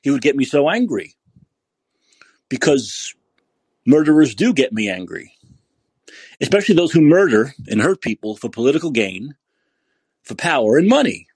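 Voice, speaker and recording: A man hosting a podcast who rants angrily and curses, repeating himself for emphasis in a husky voice. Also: mid-range voice, big pitch swings, moderate pace, pauses often, a little mellow, no echo. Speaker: podcast host. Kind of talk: angry political rant.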